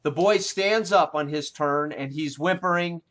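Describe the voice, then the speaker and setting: A man's voice: on the high side, unhurried, fairly bright tone. A man narrating as game master of a tabletop game, hesitant, with many fillers and restarts.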